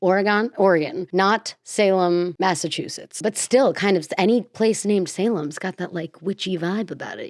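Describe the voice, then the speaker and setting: A woman's voice: medium pitch, dry recording, studio quality. A woman hosting her show in a bubbly, rambling, casual chat, gushing and laughing often. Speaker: podcast host.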